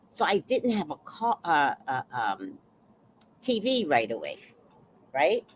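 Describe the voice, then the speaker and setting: Brief: woman livestreamer, slow, unhurried talk with big swings in pitch, emotional storyteller. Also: wildly swooping pitch, slight background noise. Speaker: livestream host. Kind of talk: casual livestream talk, reading chat.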